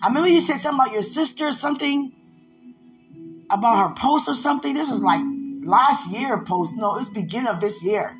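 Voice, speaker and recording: A woman's voice: fairly high pitch, expressive, brisk, low-quality recording. A woman in casual talk to the camera, gushing and giggling as she rambles, with her voice swinging up and down. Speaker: vlogger addressing a loved one. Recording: music bed under the voice. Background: music playing.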